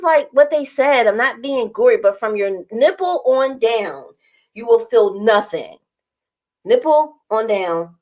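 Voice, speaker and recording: A young woman vlogging to camera in casual storytelling, acting out quoted lines in a raised voice and laughing often. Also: mid-range voice.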